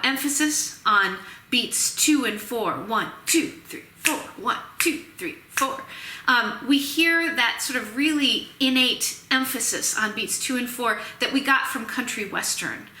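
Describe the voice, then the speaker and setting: Female lecturer, recorded class, bright, fairly high voice, chatty with fillers, echoey room. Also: slight background noise. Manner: chatty, full of fillers and restarts. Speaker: music history lecturer. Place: Tennessee.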